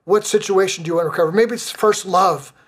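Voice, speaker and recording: A middle-aged male pastor preaching a sermon, earnest and deliberate, repeating phrases for emphasis. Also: sits high.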